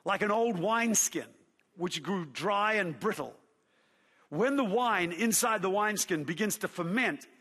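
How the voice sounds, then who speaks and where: A middle-aged man, a pastor telling a lively story in a sermon, acting out his own shouts and quotes. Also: sits high, a little slow, husky. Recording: long hall reverb.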